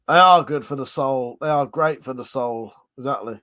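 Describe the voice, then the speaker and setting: A man's voice: medium pitch, normal speed, pushed and bright, no room sound. A man hosting a livestream, casually chatting, reading viewer comments and laughing often through crude banter. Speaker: livestream host.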